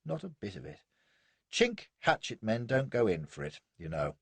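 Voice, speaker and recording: A man voicing a cheerful, teasing English adventurer in his forties with a brisk manner. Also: fairly low pitch, huge pitch swings, gravelly, slightly rough, dry recording, exaggerated voice. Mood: jovial. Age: 40s. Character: hearty, grinning middle-aged English adventurer man.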